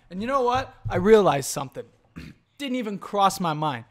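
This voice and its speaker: A young man talks alone into his podcast mic with a somewhat high voice. He swears constantly and rambles, losing his train of thought and starting over. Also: big pitch swings, moderate pace. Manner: profane, rambling, self-interrupting. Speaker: podcast host. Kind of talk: solo podcast rant.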